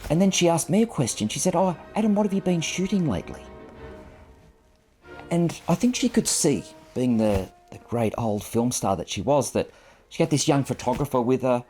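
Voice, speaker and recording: A man's voice: mid-range voice, animated, moderate pace, warm tone, faint music behind. A man in his fifties, a photographer, tells a personal story in an earnest, reflective and self-deprecating way, speaking into a clip-on microphone.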